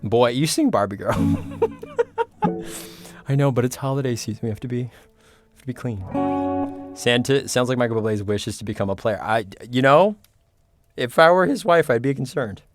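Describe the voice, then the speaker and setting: Loud music plays under a man's medium-pitched, fairly quick voice as he hosts a livestream. He sings along to karaoke, jokes around with viewers, and laughs a lot.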